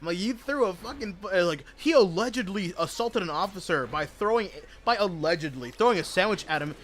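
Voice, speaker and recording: A man's voice: high-pitched, lively intonation, fairly quick, a bit bright, faint music behind. A young man chatting casually while gaming, telling a rambling, profane story full of slangy asides. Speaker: gaming streamer.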